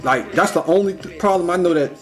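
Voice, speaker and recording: A young man talking in a casual, rambling vlog monologue, full of "like" and "you know", slangy and animated. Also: high-pitched, fast talker, faint music behind. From United States. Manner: rambling, heavy use of "like" and "you know", restarts; slangy, animated when retelling. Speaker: vlogger.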